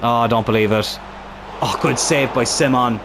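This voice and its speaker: A young man commentating his own football video game match, excitable and swearing at the screen, with a strained throat. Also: mid-range voice, moderate pace, background noise.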